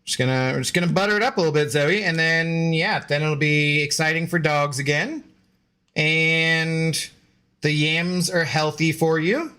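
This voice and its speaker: A man's voice: a little high, moderate pace, pushed and bright, clean tone. A man streaming video games, chatting playfully with his dog and his viewers. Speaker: game streamer. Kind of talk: casual live-stream chat.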